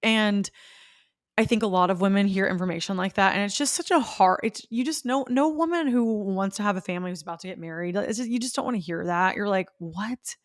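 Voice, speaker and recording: In a clean studio recording with no echo, a young woman with a mid-range voice speaks at a quick pace into a podcast mic. As host, she recounts a personal story with earnest emotion, quoting others in her own voice.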